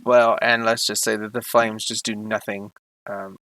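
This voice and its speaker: A man's voice: fairly low pitch, flat delivery, normal speed, sharp tone, no room sound, rough recording. A man narrating a tabletop game as game master, hesitant with many fillers as he describes the action.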